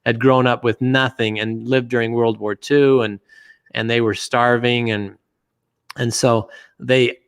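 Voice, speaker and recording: A middle-aged man, an interview guest, telling family anecdotes in a relaxed, rambling way with many fillers. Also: medium pitch, measured pace, clean tone, dry recording. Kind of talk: anecdotal storytelling.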